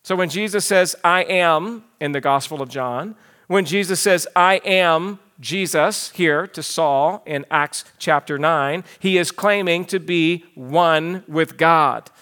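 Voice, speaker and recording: A man, a pastor, preaching an expository sermon in an earnest teaching manner, slowing down to stress key lines. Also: on the high side, bright, forceful tone.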